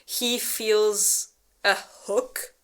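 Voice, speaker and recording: A woman with a mid-range, steady, fairly bright voice that's clear and resonant speaks very slowly as a book club co-host presenting a slideshow summary. She retells the plot casually, rambling with many fillers and restarts, swearing freely and acting out characters in exaggerated quoted voices.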